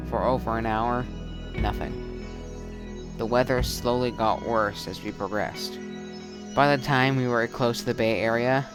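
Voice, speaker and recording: A man narrates a first-person action story in short, dramatic sentences. His voice sits in an ordinary middle pitch. Loud music plays beneath him the whole time. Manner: terse, dramatic, shouts quoted lines.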